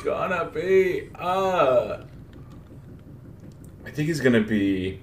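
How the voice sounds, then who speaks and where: Man, podcast co-host, slow, hesitant, roomy echo, faint hiss. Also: on the high side, very animated. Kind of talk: casual sports chat.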